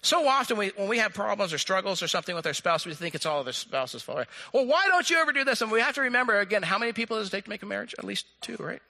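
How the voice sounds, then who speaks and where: A man preaching a sermon to his congregation, swinging from animated, acted-out lines down to a soft hush. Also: sits high, racing, hardly any pauses. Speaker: pastor.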